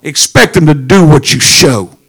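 A pastor preaching a sermon, swinging from low murmurs to shouted lines. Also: male voice, animated, moderate pace, husky.

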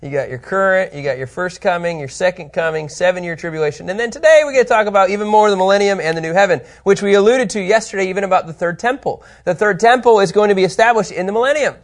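A man teaching an informal Bible lesson, animated and chatty, often checking in with his listeners and his co-host. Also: high-pitched, fast talker, hardly any pauses.

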